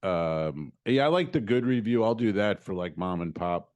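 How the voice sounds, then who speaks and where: A man co-hosting a comedy podcast, retelling a frustrating errand in an animated, swearing, storytelling way and acting out both sides of the exchange. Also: deep voice, moderate pace, no echo. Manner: swears casually, laughs often. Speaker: podcast co-host.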